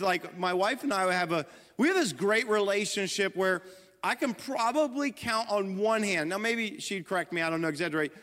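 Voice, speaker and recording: A man's voice: mid-range voice, a bit bright. A middle-aged man preaching a sermon, telling a story with self-deprecating humor and talking to the congregation and to his wife. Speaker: pastor. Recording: long hall reverb.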